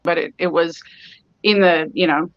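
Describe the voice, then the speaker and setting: A woman's voice: on the low side, fairly even intonation, moderate pace, no echo. A middle-aged woman from California, a spa owner chatting as a guest in a remote interview. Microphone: video call. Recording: dull lo-fi call audio.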